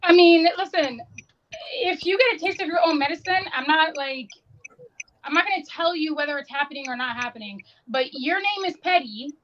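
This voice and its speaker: A woman on a live-stream panel, teasing and playful in an animated way. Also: high voice, moderate pace, a little hiss or hum. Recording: dull lo-fi audio.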